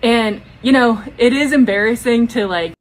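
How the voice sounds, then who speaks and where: A woman's voice: a little high, moderate pace, poor audio. A young woman talking to camera in a casual vlog, with a Valley-girl manner and lots of "like".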